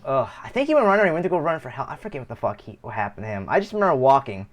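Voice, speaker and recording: A man's voice: mid-range voice, big pitch swings, rapid-fire, highs cut off. A young man streaming live, telling a rambling personal story with heavy swearing and many restarts. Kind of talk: casual storytelling.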